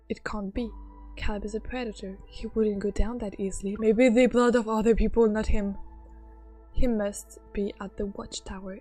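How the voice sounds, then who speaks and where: A woman streaming her reactions to a game, flustered and excitable, reading story text aloud in between. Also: fairly high pitch.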